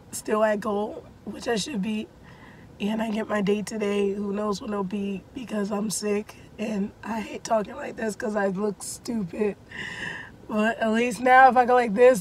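A woman vlogging casually from her car while hoarse and losing her voice, her strained speech breaking into whispers. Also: on the high side, a little hiss or hum. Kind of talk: casual vlog.

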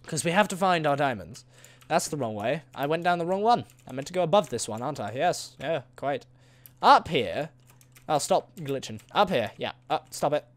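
A man gives casual, rambling commentary while he plays a game, chatting to whatever creatures cross his path. His pitch jumps around a lot as he talks, and the sound is close and dry at a desk mic with no room echo. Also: expressive, moderate pace, fairly bright tone. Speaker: gaming video host. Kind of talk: casual solo gameplay commentary.

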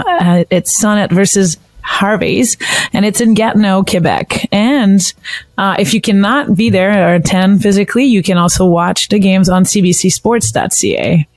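A woman co-hosting a sports podcast in casual chat, quick and teasing. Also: mid-range voice, a little mellow, no echo. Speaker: podcast co-host.

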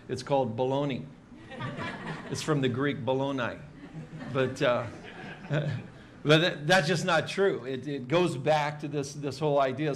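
A man's voice: mid-range voice, slight background noise. Chatty man teaching a Bible lesson. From Hawaii. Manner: relaxed and chatty, many fillers, dry jokes. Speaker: pastor teaching a Bible study. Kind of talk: sermon-style Bible teaching.

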